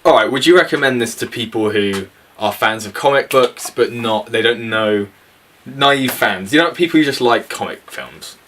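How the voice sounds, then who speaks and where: A man's voice: medium pitch, moderate pace, a bit bright, a little hiss or hum. A young man co-hosting a casual film review, blunt and opinionated, sweary, laughing often. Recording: voice from a distance.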